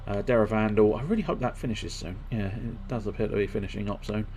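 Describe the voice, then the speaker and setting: A man's voice: fairly low pitch, quick pace, a little mellow, slight background noise. A man streaming a video game, rambling casually with jokes and a self-deprecating streak. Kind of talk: casual gameplay commentary.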